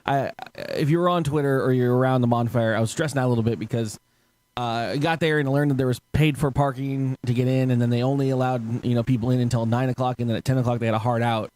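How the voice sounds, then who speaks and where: A male podcast host in easygoing chat with a middle-pitched voice. He tells stories in a loose, rambling way, laughing often and swearing freely. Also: fairly even intonation, fast, darkish tone. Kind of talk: casual chat.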